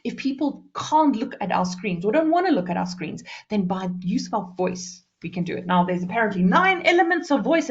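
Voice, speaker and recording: Fast-talking woman trainer with lively delivery. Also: medium pitch, lo-fi sound. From South Africa. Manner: fast, lively, shifts pace and loudness on purpose. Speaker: presentation skills trainer. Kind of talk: workshop talk on voice skills.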